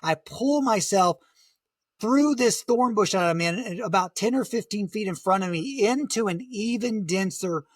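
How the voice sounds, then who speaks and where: A man with a high-pitched voice recounts a harrowing ordeal in a loose, conversational way, stopping and restarting as he goes. The sound is dry and close, with no room around it. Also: lively intonation, no room sound. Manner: vivid, halting retelling with many "like" fillers. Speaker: guest, motivational speaker. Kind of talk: conversational storytelling.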